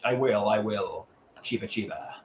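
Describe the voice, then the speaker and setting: A man's voice: fairly low pitch, moderate pace, slight background noise. A man doing a casual livestream, sharing artwork and reading viewer comments aloud in a candid, plain way.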